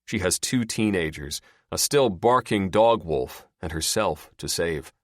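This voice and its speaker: A man narrating an audiobook in an expressive storytelling manner. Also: deep voice, a little slow, no echo, studio quality. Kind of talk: scripted narration.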